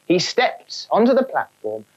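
A woman narrating a children's storybook in a wry, animated way. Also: on the low side, a little slow, poor audio.

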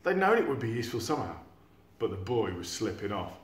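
Male teacher, storybook read-aloud, animated, sound effects, echoey room. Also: on the low side, quick pace. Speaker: teacher reading to a class.

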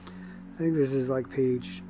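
A man's voice: mid-range voice, steady tone, slow, music in the background. A man hosting a livestream while he draws comics, chatting loosely with viewers and speeding up when he explains things. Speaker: comic artist livestream host. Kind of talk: casual livestream chat while drawing.

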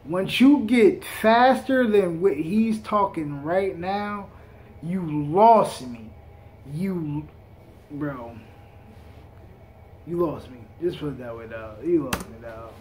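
A man's voice: fairly high pitch, takes it slowly, a little mellow, a little hiss or hum. A man hosting a reaction video, chatting casually in heavy street slang with a laid-back drawl.

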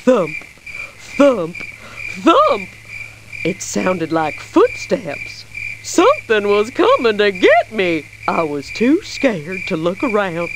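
A woman voicing a timid young beaver who tells a spooky campfire story in a children's game, with lively, expressive storytelling. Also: mid-range voice, takes it slowly, noisy background, heavily acted. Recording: night ambience with crickets and frogs.

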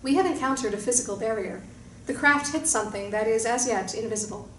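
A woman voicing a ship's computer that reports in a quick, flat, factual way. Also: on the high side, close to an everyday voice. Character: brisk ship computer voice, factual. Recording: roomy distant mic with faint hiss.

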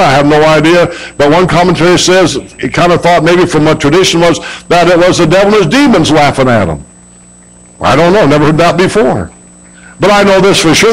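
A man's voice: high voice, low-quality recording. A man preaching a sermon in a folksy way, acting out quoted voices as he retells stories. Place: church service.

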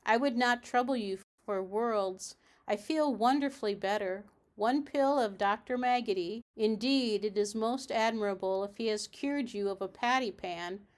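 A woman's voice: medium pitch, moderate pace, few pauses, natural voice. A woman voicing an anxious, polite little female dog in a storybook reading, in a fretful, genteel manner.

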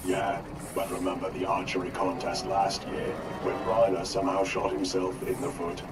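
A man doing a low-voiced robot guard from a video game, chatting flatly about work. He sounds echoey and distant, under loud game music. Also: normal speed, lightly acted. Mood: chatty. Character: dull working-class male robot guard.

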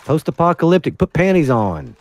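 A man's voice: a little high, sing-song, fairly quick, slight background noise. A man playing a multiplayer game with friends, cracking crude jokes and laughing easily. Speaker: co-player. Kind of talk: casual multiplayer gameplay chat.

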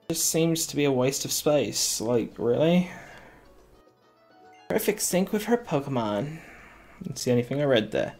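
A man casually commenting while he plays a game on stream, with sarcastic and crude joking asides. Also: mid-range voice. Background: faint game music.

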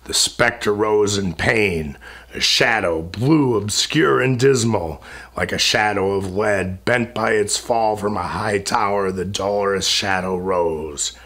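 A man reciting epic poetry in a solemn, measured way. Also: fairly low pitch, fairly bright tone.

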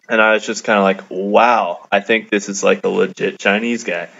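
A man from Canada tells a gaming story in a low, gravelly voice that barely rises or falls, amused and loose with his fillers. It sounds like a dull, lo-fi mic recording. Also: fairly even intonation, moderate pace, hardly any pauses, a bit bright. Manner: laid-back, amused, many fillers. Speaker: gamer narrating a video. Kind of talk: casual storytelling over gameplay.

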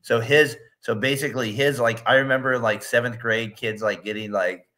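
A man's voice: mid-range voice, fairly even intonation, normal speed, bright, forceful tone. A man in his late thirties, a podcast co-host and teacher, telling rambling stories in casual chat with plenty of fillers. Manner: rambling storytelling with laughs and fillers.

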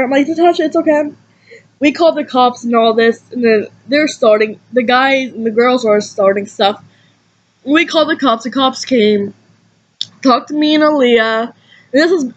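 A young woman tells a story to her camera in a casual, animated rush, jumping into the voices of the people she quotes. Her voice sits high and bright in pitch. The recording is dull and lo-fi, like a basic home setup. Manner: animated, acts out quotes, swears freely. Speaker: vlogger.

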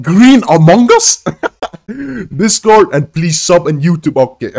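A man hosting a reaction video, exclaiming and laughing often as he comments excitedly. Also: high-pitched.

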